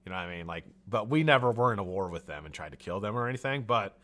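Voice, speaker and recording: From a home studio, an American man with a lowish voice hosts a live stream at a fast clip. He greets viewers by name in a loose, lively, chatty way, jumping between shout-outs and drifting off on tangents.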